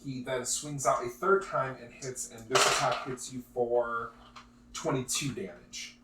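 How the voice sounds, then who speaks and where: A man's voice: medium pitch, unhurried. Distant, echoey male game master. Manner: matter-of-fact, explains rules patiently. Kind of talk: narrating tabletop combat. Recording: roomy, distant mic, faint noise.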